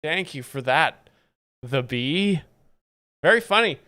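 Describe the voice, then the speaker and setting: A man hosting a live comedy stream, giving casual, sardonic, deadpan commentary. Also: fairly high pitch, slow pace, soft background music.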